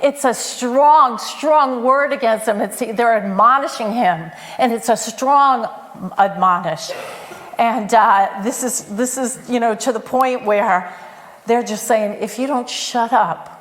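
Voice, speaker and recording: A woman's voice: fairly high pitch, slow pace. A woman preacher giving a sermon, telling the story in a conversational way with frequent fillers.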